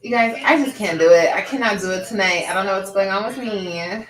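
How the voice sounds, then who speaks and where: A woman's voice: medium pitch, a little fast, a bit bright. A woman hosting a casual livestream, greeting viewers by name and reading their comments aloud. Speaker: livestream host. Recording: echoey room, faint background noise.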